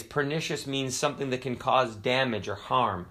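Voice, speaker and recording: A middle-aged man preaching a sermon on a podcast, slowly and deliberately, stressing key words and reading Bible verses. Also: mid-range voice, pushed and bright. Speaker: pastor.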